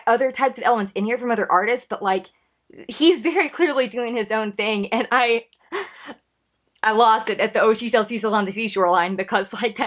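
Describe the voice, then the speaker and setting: A woman's voice: medium pitch, fairly bright tone. A woman in her thirties giving casual reaction commentary in an earnest, emotional way, often restarting her sentences. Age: 30s. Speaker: reaction video host.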